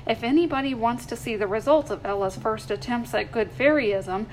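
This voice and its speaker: Lady reading an old christmas story, calm, bit high, faint hiss behind. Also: moderate pace, low-quality recording. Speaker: story reader.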